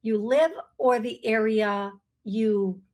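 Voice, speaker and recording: Woman psychic host, call-in radio, unhurried and earnest, higher voice. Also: steady tone, a little mellow. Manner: slow, searching, apologetic, earnest.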